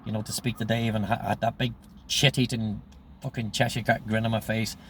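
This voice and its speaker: A low-voiced man in his sixties spins a long, meandering tale from his past. He swears freely and keeps checking in with "you know what I mean", and his delivery stays level and flat, with a faint background hiss. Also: fairly quick. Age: 60s. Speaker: storyteller recounting his life. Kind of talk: casual spoken memoir.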